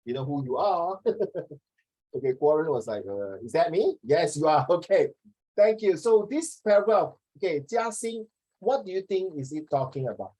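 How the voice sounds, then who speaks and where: A man's voice: on the high side, very animated, normal speed, mellow, rough recording. A man, tutoring a class in a chatty, teasing way and slipping into Mandarin now and then. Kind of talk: online class teaching.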